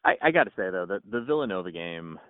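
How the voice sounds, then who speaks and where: A man's voice: low voice, lively intonation, fast talker, no echo. A man co-hosting a podcast in casual sports chat, rambling with many restarts. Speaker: podcast co-host. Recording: tinny phone-like line.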